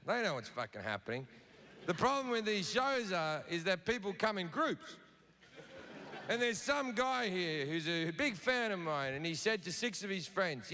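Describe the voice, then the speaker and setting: A man's voice: high voice, big pitch swings, moderate pace, sharp tone. A middle-aged man doing a profane, provocative stand-up routine on a big stage. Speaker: stand-up comedian. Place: large theater stage. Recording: noisy live venue recording.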